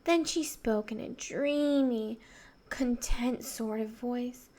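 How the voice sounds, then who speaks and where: A woman reading a children's novel aloud in a soft voice, gently voicing the children. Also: on the high side, slow. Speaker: reader.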